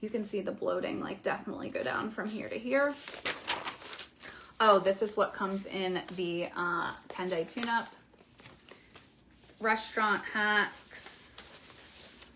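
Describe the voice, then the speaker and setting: Woman, bright forceful voice, casual coaching talk, blunt, filler-heavy, faint background hiss. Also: medium pitch, normal speed. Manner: chatty, many fillers, frank and blunt. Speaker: keto coach. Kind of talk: casual promotional video talk.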